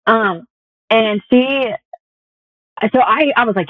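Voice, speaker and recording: Over tinny, phone-like audio, a young woman with a higher voice speaks slowly and leaves long pauses. She's a guest in a casual conversation, chatting about her personal life through stories full of fillers.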